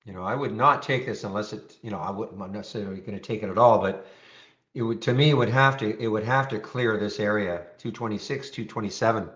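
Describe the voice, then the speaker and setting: Talking fast in a lowish, fairly bright voice, a man hosts a live day-trading session. His commentary is casual and stream-of-thought, with frequent restarted sentences, all heard through slightly dull lo-fi audio.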